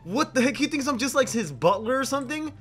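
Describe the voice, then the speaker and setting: A man giving excited gameplay commentary as a gaming YouTuber, gasping and laughing often. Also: very high voice, fast, soft background music. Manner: drops to a hushed voice when sneaking.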